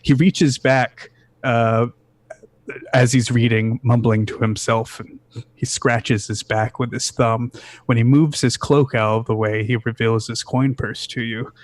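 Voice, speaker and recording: A man's voice: medium pitch, fairly even intonation, measured pace. A man narrating as game master of a tabletop game, stumbling and restarting as he describes scenes. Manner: rambling, many restarts.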